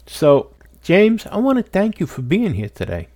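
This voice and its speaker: A man's voice: sits high, wildly swooping pitch, normal speed, a little mellow, soft background music. A man hosting a podcast interview, encouraging and enthusiastic with his guest. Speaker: podcast host. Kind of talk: conversational interview.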